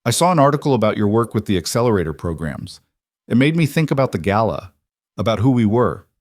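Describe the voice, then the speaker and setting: A man's voice: fairly low pitch, sing-song, fast, dry recording, clean studio sound. A man voicing a regretful, reflective divorced woman reading out her letter. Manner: quiet, reflective.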